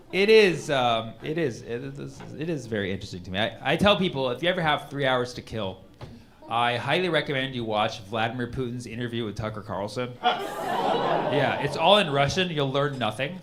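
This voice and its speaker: A man performing a conversational stand-up comedy set on a club stage with a handheld mic. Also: mid-range voice. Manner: animated, conversational, punchlines in put-on voices. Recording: live stage recording with audience noise.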